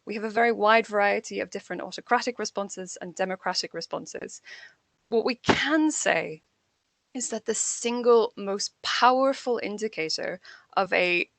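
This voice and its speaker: A woman speaking on an academic panel, thinking aloud in a measured way and repeating phrases as she builds her points. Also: mid-range voice, gravelly, a bit bright, no echo.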